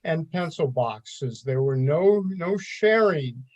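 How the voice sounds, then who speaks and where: A retired weather forecaster, an older man, telling unhurried stories about his old office in a casual podcast chat. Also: on the high side, expressive, darkish tone, muffled recording. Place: home, remote call.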